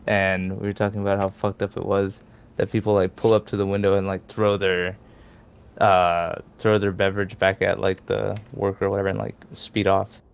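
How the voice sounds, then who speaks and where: A man's voice: low-pitched, flat delivery, moderate pace, vocal fry, clear, resonant tone. A man telling a story in a laid-back, profane way, full of "like" fillers. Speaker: podcast storyteller. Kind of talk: casual storytelling.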